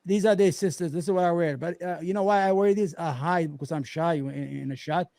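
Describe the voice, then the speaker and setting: A man's voice: a little high, fairly quick, warm tone, no room sound. A man arguing in a heated casual debate, blunt and repetitive, with frequent stumbling restarts. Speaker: debate guest.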